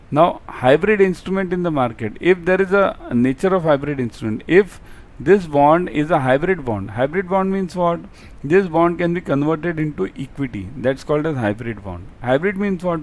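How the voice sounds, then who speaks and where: A man's voice: a little high, darkish tone. A man teaching an online exam-prep class, asking rhetorical questions and repeating key terms.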